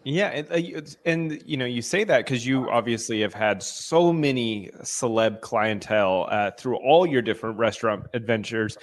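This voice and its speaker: A man's voice: mid-range voice, moderate pace, few pauses. Man hosting a podcast interview. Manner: loose, hesitant questioning. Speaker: podcast host. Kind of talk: casual interview questions.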